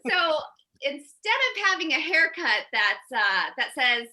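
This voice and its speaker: A woman's voice: high voice, very animated, takes it slowly, pushed and bright. A woman doing a chatty, self-mocking stand-up comedy set, giggling between jokes. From Chicago, USA. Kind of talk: stand-up set on a video call.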